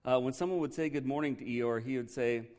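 A man's voice: medium pitch, a little fast, a little mellow. A man preaching a sermon as pastor in a loose, conversational way, joking and asking the congregation questions.

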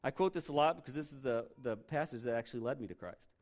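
A man preaching a sermon, animated and humorous, tossing rhetorical questions at the congregation. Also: mid-range voice, fast talker. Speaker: pastor.

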